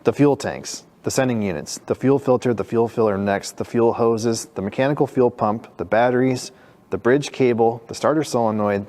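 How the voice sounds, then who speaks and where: Low-voiced mechanic guy, dry and wry, mouth kinda numb from the dentist, just chatting through a fix in the shop. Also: a little mellow. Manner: dry, wry, matter-of-fact. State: talking with a numb, full-sounding mouth after dental work. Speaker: mechanic and channel host. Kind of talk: casual shop narration. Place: repair shop garage.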